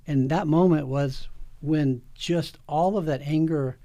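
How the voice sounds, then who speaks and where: A man's voice: fairly high pitch, measured pace, no echo. Earnest middle-aged man telling a story. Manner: earnest, emotional, animated storytelling with many restarts. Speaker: OB-GYN guest. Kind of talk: candid personal storytelling interview.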